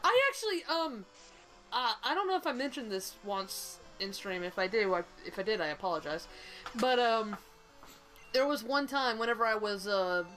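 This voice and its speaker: A woman's voice: a little high, animated, normal speed, fairly bright tone, faint music behind, rough recording. A young woman with a Southern US accent, co-hosting a game stream, telling a story in a rambling, blunt way and swearing freely. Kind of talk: casual storytelling chat.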